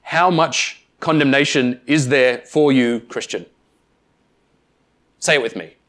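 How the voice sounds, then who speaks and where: A man preaching a sermon, speaking emphatically with deliberate pauses and addressing the congregation directly. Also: mid-range voice, fairly bright tone. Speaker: pastor.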